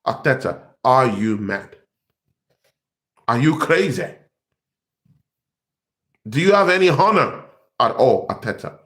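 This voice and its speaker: A man's voice: mid-range voice, sing-song, slow pace, pauses often, fairly bright tone. A young man, host of a football fan channel, ranting in exasperation and repeating himself. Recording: echoey room.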